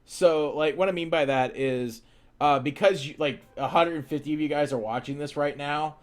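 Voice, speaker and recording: A man's voice: fairly high pitch, moderate pace. A young man live-streaming while he draws, chatting casually and rambling as he answers viewer questions.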